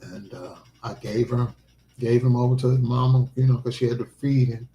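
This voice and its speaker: A man's voice: medium pitch, fairly even intonation, warm tone, lo-fi sound, a little hiss or hum. Man telling an emotional personal story, roomy echo. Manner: emotional, halting storytelling with restarts. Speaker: livestream host. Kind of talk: personal testimony livestream.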